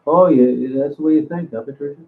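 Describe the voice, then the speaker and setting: A man's voice: a little high, quick pace. Man, livestream host, blunt and crude, rambling; tinny phone-like audio. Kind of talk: casual live chat reading comments.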